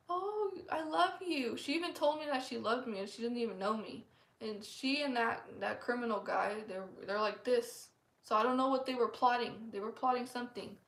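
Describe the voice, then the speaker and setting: A woman's voice: on the high side, fairly bright tone. A woman earnestly sharing a personal testimony in a casual, rambling way, full of "like" fillers. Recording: echoey room.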